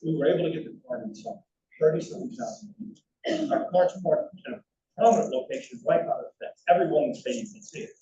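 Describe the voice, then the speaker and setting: A man's voice: on the high side, fast, slight background noise. An older man, telling anecdotes in a lecture with slides and often restarting his sentences. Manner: animated anecdotal storytelling with frequent restarts. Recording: roomy, distant, dull hall recording.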